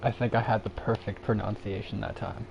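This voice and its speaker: A man with a somewhat low voice rambles in an easy, unhurried way during a solo live stream. He drifts from thought to thought and laughs at himself now and then. The audio is a bit dull and lo-fi, with a faint hiss underneath. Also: fairly even intonation, creaky. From Canada. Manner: rambling, laid-back, chuckles at himself. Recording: dull lo-fi sound with faint background noise.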